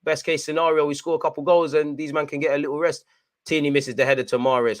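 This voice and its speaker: A young man commentates live on a football match as a fan, his voice sitting a little high. He is excitable and shouts at the referee and players, urging his side on. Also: fast. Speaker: football watchalong host.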